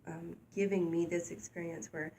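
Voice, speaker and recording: A woman co-hosting a casual talk show, candid and animated, speaking openly and getting louder when she is excited. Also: fairly low pitch, normal speed, slight background noise. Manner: candid, animated, self-deprecating, gets loud when excited. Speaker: co-host. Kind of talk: casual conversational podcast chat.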